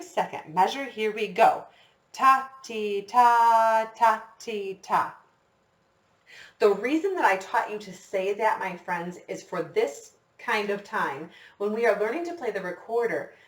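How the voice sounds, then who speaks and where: A woman music teacher giving a recorder lesson for children, patient and encouraging, counting her students in. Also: mid-range voice. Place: classroom with a whiteboard. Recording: echoey room, distant mic.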